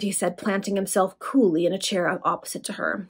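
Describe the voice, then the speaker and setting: A woman reading a Victorian serial aloud to friends in a relaxed, casual way, with fillers and quick recaps. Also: medium pitch, husky. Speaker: reader.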